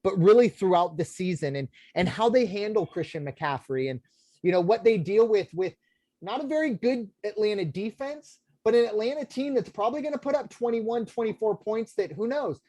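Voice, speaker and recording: A man's voice: high voice, lively intonation, normal speed, dark tone, no room sound. An American man co-hosting a sports podcast, talking casually in long rambling runs full of fillers and restarts. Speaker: podcast co-host.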